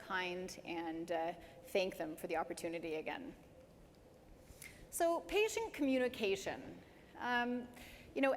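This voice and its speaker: A woman giving a live career presentation to an audience, lively and emphatic, speeding up and slowing down to demonstrate points. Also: medium pitch. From Canada. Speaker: presenter at a dental career talk. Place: large hall with an audience. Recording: hall reverb, faint background noise.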